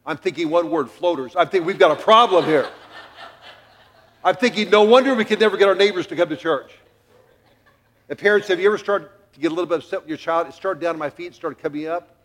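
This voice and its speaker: A man's voice: high voice, quick pace. A middle-aged man preaching a sermon in a church, telling a family story with jokes and acting out the quotes. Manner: animated, jokey, acts out quotes. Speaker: pastor.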